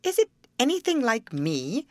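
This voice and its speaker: A woman's voice: a little high, wildly swooping pitch, measured pace, dry recording, studio quality, pitched above the performer's own voice. A woman doing a wide-eyed curious snowman. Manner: wondering, eager questions. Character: innocent newly made snowman, curious.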